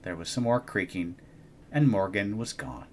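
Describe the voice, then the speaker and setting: A young adult man reading a children's storybook aloud in an expressive, animated way. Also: on the low side, moderate pace, slight background noise. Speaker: storybook reader.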